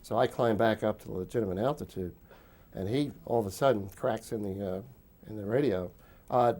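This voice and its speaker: A man's voice: lowish voice, fairly quick, darkish tone. An older man in an interview, recounting wartime memories as a rambling storyteller who chuckles often between fillers.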